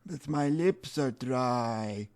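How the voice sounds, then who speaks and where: A man's voice: mid-range voice, expressive, drawn-out words, darkish tone, pitched above the performer's own voice. A man voicing a drunk old man in a desert tavern who rambles theatrically and begs for beer. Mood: wheedling. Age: older.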